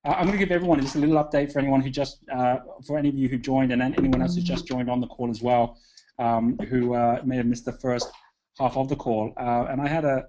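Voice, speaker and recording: A man hosting a live online call, upbeat and chatty, often pausing with fillers and restarting sentences. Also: medium pitch, little pitch movement, mellow, lo-fi sound, a little hiss or hum. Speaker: webinar host.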